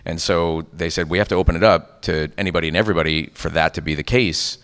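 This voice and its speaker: Deep-voiced man telling stories on a panel. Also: fast talker, smooth, in a large hall. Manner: animated storyteller, rattles off ad copy and voices. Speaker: voice actor guest on a convention panel. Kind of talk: casual convention panel talk. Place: convention panel room.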